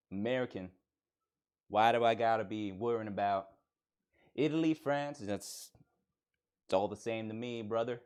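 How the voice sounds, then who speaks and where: A man's voice: mid-range voice, a little mellow, clear, resonant tone, close to an everyday voice. A man putting on a brash, hot-blooded Southern American persona with a Southern US accent, boastful and folksy. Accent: Southern US (put on).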